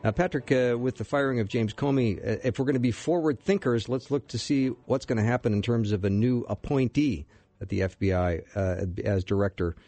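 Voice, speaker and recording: A man hosting a political radio talk show, briskly leading the segments and saying "uh" often. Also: medium pitch, mellow, no room sound.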